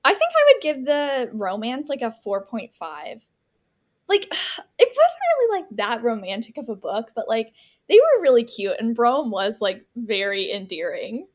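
With a sing-song, somewhat high voice at normal speed, this woman co-hosts a podcast and talks loosely about a book. Her chat is peppered with many "like" fillers.

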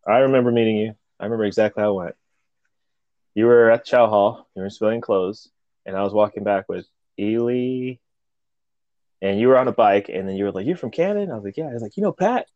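A man telling loud, profane stories from his military years in a casual chat, laughing often. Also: on the low side, fairly even intonation, fast, dry recording, lo-fi sound.

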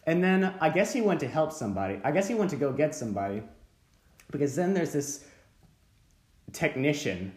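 A teenage boy telling a story in casual chat, animated and acting out the people in it. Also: moderate pace, pauses often. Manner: animated, acts out quotes with sudden high shouts. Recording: roomy echo.

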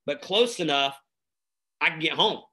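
Bright-voiced chatty man. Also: fairly high pitch, a little slow. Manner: energetic, chatty, many fillers and "right?". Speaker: nonprofit founder and guest. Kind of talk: casual storytelling conversation.

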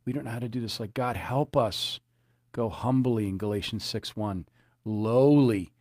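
A man's voice: medium pitch, normal speed, darkish tone, no echo, clean studio sound. A man preaching a sermon as a pastor, earnest, often repeating his phrases and citing scripture.

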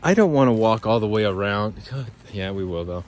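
A man's voice: fairly low pitch, expressive, fairly quick. A man rambling and swearing through a podcast monologue as he walks outdoors by a creek. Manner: rambling, profane, talks to listeners as guys. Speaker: podcast host. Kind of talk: rambling walk-and-talk monologue.

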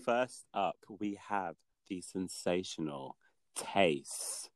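Very low-voiced, chatty podcast co-host. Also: expressive, slow, no echo. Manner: laughs often, coughs, chatty. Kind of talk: casual chat.

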